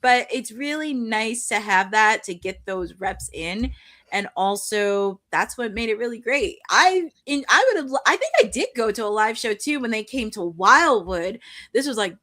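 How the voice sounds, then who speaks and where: A woman co-hosting a wrestling podcast, chatting casually and rambling with quick self-corrections. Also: fairly high pitch, lively intonation, sharp tone. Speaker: podcast co-host. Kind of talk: casual chat.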